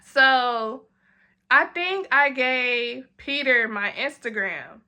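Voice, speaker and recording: A young woman, animated and acting out her friends' voices as she talks. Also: high voice. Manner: animated, acts out friends' lines in quick quoted voices. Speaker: vlogger. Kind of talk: storytime vlog.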